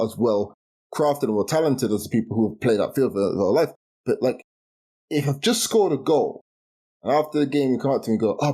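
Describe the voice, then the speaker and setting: A man's voice: medium pitch, warm tone. A man in his twenties co-hosting a casual podcast chat, ranting in an exasperated way with many restarts and laughs. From United Kingdom. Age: 20s. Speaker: podcast co-host.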